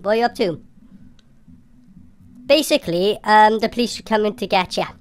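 A woman's voice: medium pitch, moderate pace, pauses often, smooth. A woman making a prank phone call, speaking in a brash, crude and taunting way. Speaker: prank caller.

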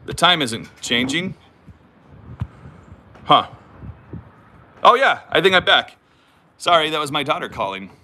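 Californian man in his thirties, livestream host, animated and bright, drifts and jokes at his own expense. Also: a little high, a little slow, pauses often, slight background noise. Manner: rambling and self-mocking, reads viewer comments aloud. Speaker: channel host. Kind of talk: casual livestream chat. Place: home, moves about the property. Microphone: phone.

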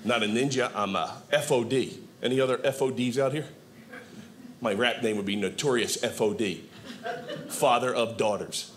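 A man in his fifties performing a stand-up comedy set on a theater stage, animated and acting out quoted voices. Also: medium pitch, normal speed. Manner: animated, acts out quoted voices, shouts punchlines. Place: theater stage with live audience. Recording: stage mic with audible audience noise.

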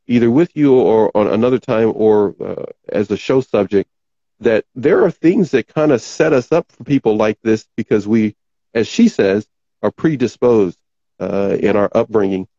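A man hosting a talk show, rambling casually as he reads out viewer comments, his voice going hoarse. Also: lowish voice, moderate pace, mellow, no echo, dull audio. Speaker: podcast host.

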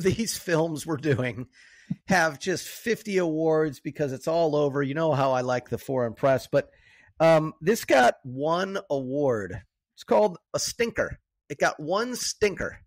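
A man's voice: fairly high pitch, dry recording. A man co-hosting a movie podcast in loose, chatty talk that speeds up in bursts. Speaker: podcast co-host. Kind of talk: casual movie chat.

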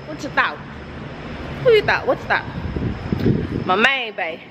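Chatty high-voiced woman vlogger. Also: huge pitch swings, unhurried, very noisy. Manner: chatty, emotional, talks straight to viewers. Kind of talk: casual vlog chat to camera.

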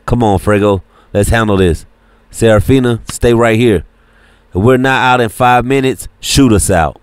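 A man's voice: mid-range voice, moderate pace, clean tone, no room sound, lightly acted. A man doing a cool, laid-back crew boss. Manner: calm, laid-back, commanding. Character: cool, unbothered crew leader.

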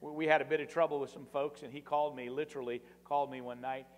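A man's voice: medium pitch, fairly even intonation. Man preaching in a reverberant church. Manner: dramatic swings in volume, slow emphatic repetition. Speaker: guest preacher. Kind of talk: sermon with personal stories. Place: church sanctuary.

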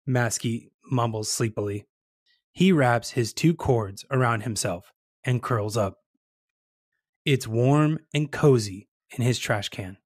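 In a medium-pitched voice, a storyteller reads a children's tale aloud at a slow, deliberate pace, gently expressive and savoring the sound words. There's no room sound; the recording is dry and close.

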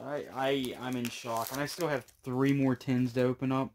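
A man's voice: medium pitch, flat delivery, moderate pace, darkish tone, a little hiss or hum. A man opening trading card packs on camera, talking to his viewers in a breathless, exclamatory way. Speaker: card collecting YouTuber. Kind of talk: casual pack-opening vlog.

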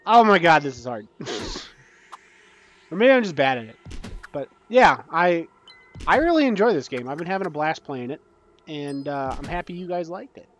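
A young man giving casual, excitable commentary while playing a game, breaking into panicky outbursts and joking about his own skill. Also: a little high, normal speed, long pauses, faint music behind. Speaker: gaming YouTuber.

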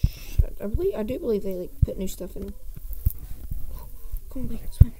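A woman's voice: a little high, big pitch swings, moderate pace, background noise. A woman giving live gameplay commentary, talking to herself in a jumpy, nervous way and often dropping to a whisper.

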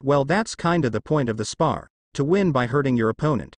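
A man voicing a calm, cocky young ninja who talks in a dry, unbothered way. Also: mid-range voice, fairly quick, no echo, close to an everyday voice. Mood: bored, calm.

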